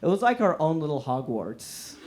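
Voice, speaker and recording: High-voiced young man doing stand-up. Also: moderate pace. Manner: animated, laughing between jokes. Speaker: comedian. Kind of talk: stand-up comedy. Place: live comedy room with an audience.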